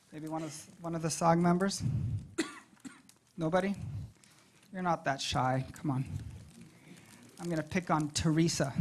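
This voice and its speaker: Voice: medium pitch, steady tone, unhurried, pauses often, slight background noise. Presenter at a public meeting: conversational, draws the audience in with questions. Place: meeting room.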